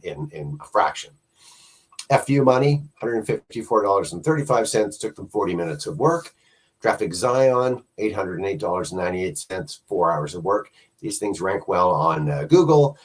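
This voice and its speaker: Male reviewer, low husky voice, casual walkthrough of a product, offhand with dry skeptical asides. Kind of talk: casual screen-share software review.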